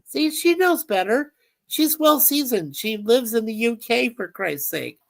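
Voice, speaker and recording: A woman's voice: on the high side, expressive, a little slow, creaky. A woman hosting a casual livestream chat, rambling and reading viewer comments aloud. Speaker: livestream host.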